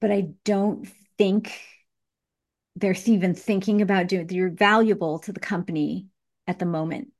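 A woman coaching participants on a group call, direct and encouraging, with animated emphasis. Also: medium pitch, moderate pace. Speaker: business coach.

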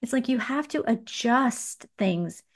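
Her voice on the high side and her pace slow, a woman leads a conversational money-coaching chat. She's animated and emphatic and laughs a lot.

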